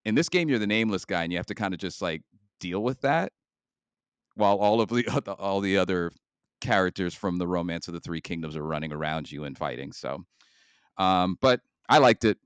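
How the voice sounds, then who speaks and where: A man's voice: low-pitched, lively intonation, a little fast, clear, resonant tone, no room sound. A man co-hosting a casual gaming podcast, talking at length with many fillers and restarts. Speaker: podcast co-host.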